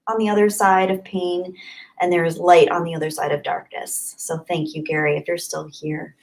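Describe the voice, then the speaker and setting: A woman's voice: fairly low pitch, poor audio. A young woman hosting a live stream, reading viewer messages and thanking them in an emotional, effusive way. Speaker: livestream host.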